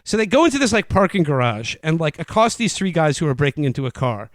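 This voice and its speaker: A man's voice: a little high, sing-song, quick pace, no room sound. A man co-hosting a podcast, recapping a film in a rambling, joking way and mock-quoting its lines. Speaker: podcast co-host. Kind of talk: casual comedic movie recap.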